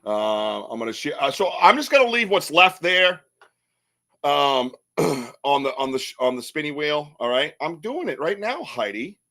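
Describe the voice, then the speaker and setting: A male podcast host rambling through casual live banter and cracking jokes. His voice sits a touch high and sounds sharp and bright. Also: very animated, moderate pace. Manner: rambling, joking, laughs often.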